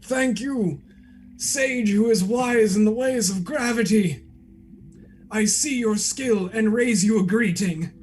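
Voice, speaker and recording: A man's voice: sits high, slow, darkish tone, faint music behind. A man voicing a portly, bald, eccentric male alchemist who speaks in a grandiloquent, theatrical way. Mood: courtly. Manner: grandiloquent, theatrical, swooping outbursts.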